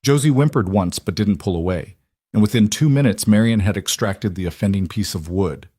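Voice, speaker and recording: A man reading a romance story aloud as scripted narration, steady and even. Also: on the low side, a little fast, breathy edge, dry recording, studio quality. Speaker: audiobook narrator.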